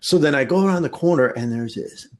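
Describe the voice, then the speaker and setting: A man co-hosting a casual podcast, telling a long story with lots of swearing and sudden jumps into high acted voices. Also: animated, fast talker. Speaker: podcast co-host.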